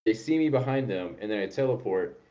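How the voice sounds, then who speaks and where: A man's voice: lowish voice, animated, a little fast, mellow, muffled recording. A man hosting a podcast, chatting playfully and rambling about a tabletop game. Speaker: podcast host. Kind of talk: casual chat about tabletop gaming.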